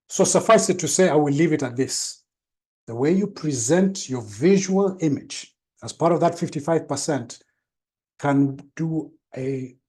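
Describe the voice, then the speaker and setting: Man speaking at a seminar with a mellow voice. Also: a little high. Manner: trained, deliberate delivery with varied tones and emphasis. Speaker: branding and presence trainer. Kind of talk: live seminar talk.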